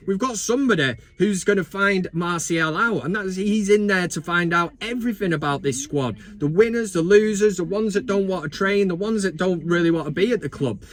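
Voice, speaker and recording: Guy doing a live footy vlog from his van, pretty high voice, swears a lot, jokey ranting. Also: animated, brisk, a bit bright. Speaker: football fan channel host. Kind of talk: casual live vlog chat. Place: inside a van.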